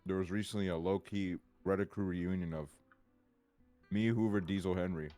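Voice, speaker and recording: A man's voice: low-pitched, steady tone, normal speed, warm tone, no echo, soft background music. A young man chatting as a guest streamer, laid-back and dry, tossing off offhand remarks. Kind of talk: casual chat.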